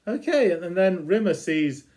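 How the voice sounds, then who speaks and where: A man's voice: sits high, big pitch swings, moderate pace, a little mellow. A man casually retelling a TV episode as a reviewer, chuckling between lines.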